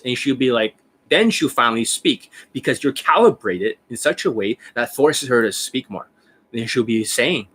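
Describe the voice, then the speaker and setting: A man's voice: medium pitch, lively intonation, normal speed, a bit bright, breathy edge. A man in his forties, a dating coach, explaining in a blunt, profane, demonstrative casual talk.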